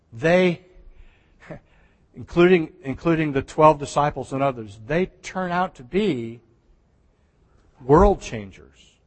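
Guy pastor preaching, kinda high voice, church reverb, chatty and restarts a lot. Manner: conversational preaching with restarts and soft laughs. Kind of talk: sermon. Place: church sanctuary.

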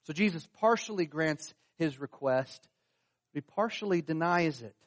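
A man's voice: fairly high pitch, animated, moderate pace, no room sound. A man preaching a sermon, earnest and pressing his points, lifting his voice when he reads scripture. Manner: earnest, rising in emphasis on scripture quotes. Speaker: pastor.

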